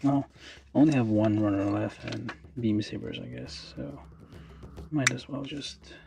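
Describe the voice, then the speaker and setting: A man's voice: mid-range voice, a little slow, gravelly, dark tone. A man casually thinking aloud with many fillers as he builds a model kit on a livestream, talking half to himself. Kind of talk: casual talk while building. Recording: music playing under the voice. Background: background music.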